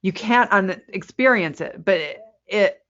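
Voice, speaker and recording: A woman presenting a workplace resilience webinar to a camera, lively and quick to laugh at herself. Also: mid-range voice. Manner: lively, laughs at herself, acts out quoted people. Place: indoor room with a window. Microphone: camera mic. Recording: slightly muffled webinar audio.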